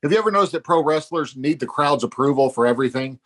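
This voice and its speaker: Fast-talking joking man. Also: fairly high pitch, lively intonation. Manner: joking, riffing with mock quotes. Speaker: podcast co-host. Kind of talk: casual podcast chat.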